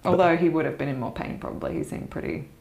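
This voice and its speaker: An actress, a woman, telling a story in casual conversation as a podcast guest, animated and laughing often mid-sentence. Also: low-pitched, quick pace, creaky.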